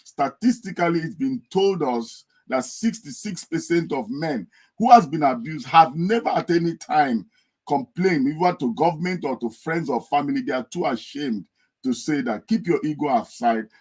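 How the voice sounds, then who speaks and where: A man's voice: on the high side, expressive, moderate pace, a little mellow, poor audio. A man speaking on a podcast, earnest and telling stories to make his point. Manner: earnest, storytelling, acts out a wailing wife. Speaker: guest speaker. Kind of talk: podcast discussion. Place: United Kingdom.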